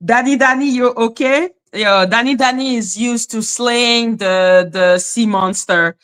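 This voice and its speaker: A woman hosting a casual livestream, chatting with viewers in an animated way, laughing often and swearing freely. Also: fairly high pitch, unhurried, clean tone. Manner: animated, laughing, frequent profanity. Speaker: livestream host. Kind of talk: casual livestream chat reading comments.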